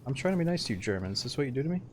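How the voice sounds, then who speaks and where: A man streaming a survival game, giving live commentary with excitable, profane, joking banter. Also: mid-range voice, racing, slight background noise.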